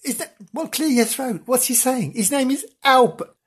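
A man voicing a flustered middle-aged woman on a weekend getaway in a haunted hotel, fussy and excitable, breaking into trilling exclamations. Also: very high voice, moderate pace, breathy edge, voice pushed up, full character voice.

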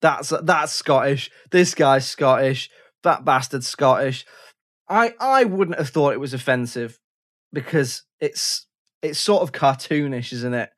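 A man co-hosting a casual film chat, relaxed and jokey, often hesitating. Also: medium pitch, unhurried. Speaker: podcast co-host.

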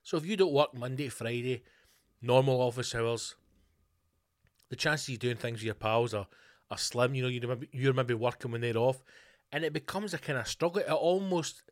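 Scottish man, podcast host, rambling solo chat, swears a lot, lively. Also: medium pitch, a little fast. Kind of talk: casual monologue.

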